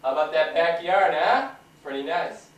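A man's voice: on the high side, normal speed, a bit bright. A man casually narrating to his own camera in a home kitchen, chatting and joking as he explains each step. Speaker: home video maker. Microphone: built-in mic of a 1994 home camcorder. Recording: roomy, distant, faint hiss.

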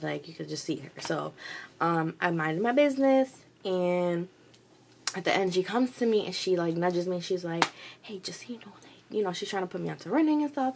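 A young adult woman vlogging casually, retelling a story in a chatty, animated way with lots of quoted dialogue and swearing. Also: fairly low pitch, slight background noise.

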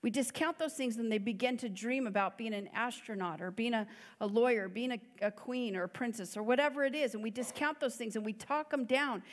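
Woman preaching in a reverberant hall. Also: fairly high pitch. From United States. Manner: conversational, earnest, many "you know" fillers. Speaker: guest preacher. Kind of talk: sermon. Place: church hall. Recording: long church hall reverb.

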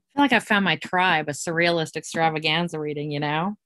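An American woman poet reading her poems aloud in a measured, deliberate way. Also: low-pitched, a bit bright, dry recording. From United States. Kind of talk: poetry reading.

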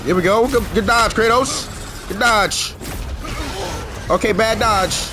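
A man commentating his own gameplay, excitable, cursing and shouting at the game. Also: high voice, slow. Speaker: gameplay streamer. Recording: game music and sound effects behind the voice.

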